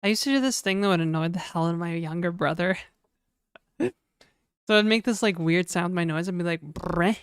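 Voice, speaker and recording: A woman's voice: fairly low pitch, a little fast, clear, resonant tone, dry recording, clean studio sound. A woman from New Brunswick, chatting casually and rambling on a livestream, joking and laughing often. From New Brunswick, Canada.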